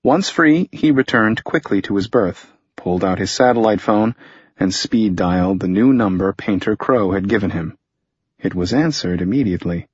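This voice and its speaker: Male thriller narrator, measured and dry; low husky voice, muffled close read. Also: sing-song, no echo. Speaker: audiobook narrator. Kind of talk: scripted narration.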